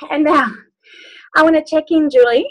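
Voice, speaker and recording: A woman's voice: high voice, normal speed, fairly bright tone, poor audio. A woman life coach leading a group video call from her phone, giving upbeat, playful instructions.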